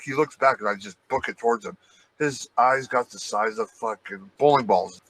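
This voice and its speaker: Bright-voiced man telling a profane story. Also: on the low side, moderate pace, poor audio. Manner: profane, animated anecdote telling. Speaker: podcast co-host. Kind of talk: casual storytelling.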